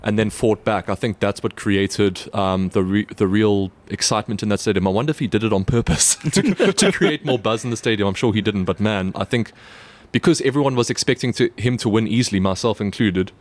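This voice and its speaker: A chatty, animated man with a slightly low-pitched voice, talking sports with colleagues in an easygoing podcast chat. He keeps stopping and restarting his sentences and filling the gaps with ums. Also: fairly quick, hardly any pauses. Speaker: sports reporter co-hosting a podcast. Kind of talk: casual chat.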